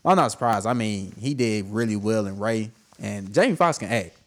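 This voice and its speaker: A man's voice: on the low side, a little fast. Laid-back man rambling in casual chat. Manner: relaxed, rambling, with filler words. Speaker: podcast co-host.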